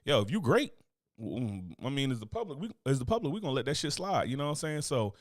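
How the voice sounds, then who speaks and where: A man's voice: medium pitch, very animated, fast talker, no room sound, clean studio sound. An American man, a podcast host, talking in a blunt, profane, joking way in casual chat.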